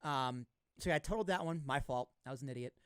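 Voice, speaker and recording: A young man from Massachusetts hosting a podcast in a studio, telling a story in an animated, self-mocking way. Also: mid-range voice, quick pace, clean tone, no room sound. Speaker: podcast host. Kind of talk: casual chat. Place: recording studio.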